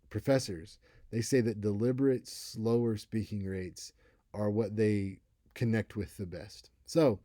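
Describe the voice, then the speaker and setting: A man's voice: mid-range voice, warm tone, dry recording, studio quality. A man in his thirties giving a casual, conversational college lecture on speaking, now and then acting out example voices. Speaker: college instructor. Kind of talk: recorded lecture.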